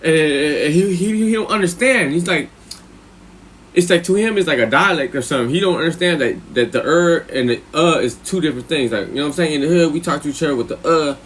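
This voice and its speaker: A man with a Californian accent spins a rowdy prison yarn for his live chat. His voice sits a touch high for a man, and his delivery is loose, slangy and profane. A faint hum runs under it. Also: a little fast, fairly bright tone. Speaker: live streamer. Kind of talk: casual storytelling to a live chat.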